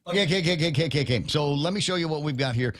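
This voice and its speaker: A male morning-show host, rambling and joking his way through the news, full of fillers and false starts. His voice sits a little high, and it sounds close and dry with no room at all. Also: rapid-fire, a bit bright, no echo. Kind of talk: casual radio-show chat.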